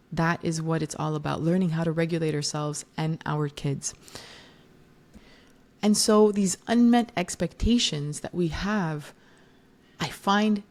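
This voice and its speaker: A woman in her thirties, a parenting educator, hosts a solo parenting podcast in a conversational way, correcting herself and acting out quoted moms with animation. Her voice is low and a little mellow.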